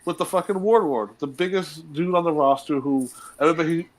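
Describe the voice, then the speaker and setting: A man with a fairly high voice chats casually as a podcast co-host. He rambles through wrestling stories with plenty of restarts and laughs between them. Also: a little fast, low-quality recording. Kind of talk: casual chat.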